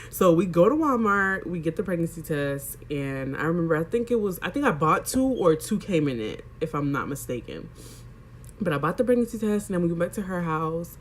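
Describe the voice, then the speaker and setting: A woman's voice: lowish voice, slight background noise. A young woman vlogger telling a personal story in a candid, chatty way, addressing her viewers directly. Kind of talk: casual storytelling vlog.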